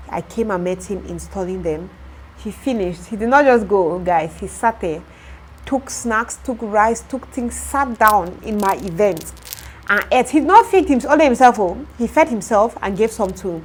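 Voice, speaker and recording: A woman's voice: medium pitch, a little hiss or hum, rough recording. Exasperated Nigerian woman telling a story. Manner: animated, exasperated, with bursts of loud outrage. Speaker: vlogger and shop owner. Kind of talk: casual storytelling rant.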